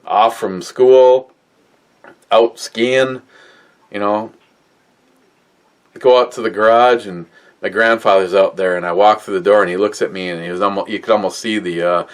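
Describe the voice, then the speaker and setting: A man from Minnesota tells a long family story in a loose, casual way. He stops and restarts constantly, fills gaps with "uh", and swears offhandedly. His voice sits fairly low. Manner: rambling, many filler words and restarts, swears casually. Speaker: podcast co-host.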